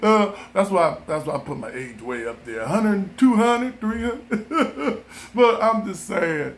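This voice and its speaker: High-voiced man rambling slowly, joking. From Southern California. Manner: animated, joking, repeats himself. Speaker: vlogger. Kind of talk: casual rambling monologue.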